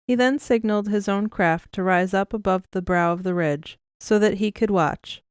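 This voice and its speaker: A woman narrating an audiobook in an even, measured storytelling manner. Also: medium pitch, clean tone, no echo, studio quality. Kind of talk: scripted narration.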